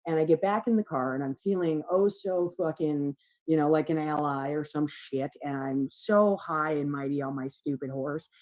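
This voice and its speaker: A woman with a low, deep voice talks in a loose, unscripted chat and tells a personal story with plenty of swearing. She gets animated at times. The sound is dull and lo-fi, like call audio. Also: normal speed, few pauses. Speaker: podcast guest.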